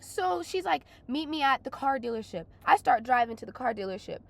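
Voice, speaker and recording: A young woman venting through a casual storytelling rant, exasperated and swearing a lot, her voice hoarse from crying. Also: high-pitched, animated, fairly quick. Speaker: vlogger.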